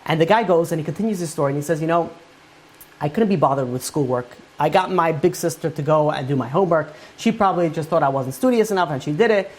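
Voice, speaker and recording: A man's voice: on the high side, fast. A male rabbi delivering a Torah class in a storytelling manner. He recounts a long tale and quotes its characters as he goes, with loose, conversational phrasing and many "he goes and he says" turns. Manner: retells a story at length with many quoted lines. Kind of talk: storytelling lecture.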